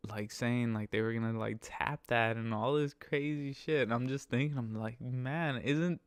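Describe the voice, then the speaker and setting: A man's voice: mid-range voice, little pitch movement, normal speed, clean tone, no echo. A young man, a rideshare driver, telling a rambling, profane story and laughing through it. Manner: rambling and profane with many restarts; amused, laughs while talking. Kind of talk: casual storytelling.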